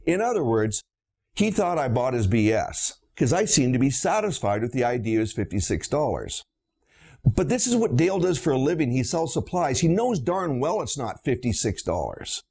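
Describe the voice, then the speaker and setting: A man's voice: medium pitch, sing-song, moderate pace, creaky, a little mellow, slightly rough. A middle-aged man, a dentist, lecturing bluntly on practice finances with emphatic storytelling and rhetorical questions.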